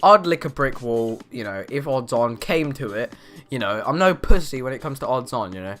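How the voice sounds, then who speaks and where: A man's voice: medium pitch, normal speed, soft background music. A teenage boy vlogging, telling rambling stories with lots of fillers. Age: teens. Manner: rambling, animated, lots of "you know" fillers. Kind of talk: casual storytelling vlog.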